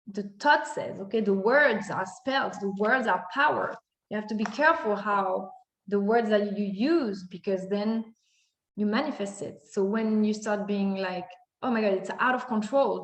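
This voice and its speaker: A woman in her thirties telling a personal story in a monologue, acting out her own reactions with many fillers. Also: medium pitch. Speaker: spiritual content creator. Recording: echoey room.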